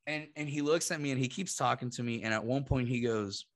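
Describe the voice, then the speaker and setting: A man in his thirties from Puerto Rico, telling an animated story on a podcast, laughing and acting out what people said. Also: medium pitch, brisk, dry recording. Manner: animated, laughing, acts out quotes. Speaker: podcast host. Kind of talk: casual storytelling.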